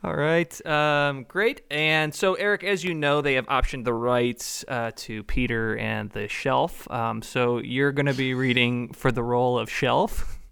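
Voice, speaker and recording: A man's voice: medium pitch, fairly even intonation, creaky, fairly bright tone, clear, resonant tone, dry recording. Brief: fumbling but kind casting director, played by a man, dry close sound. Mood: businesslike. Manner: halting, full of ums, soothing. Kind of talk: improvised comedy scene.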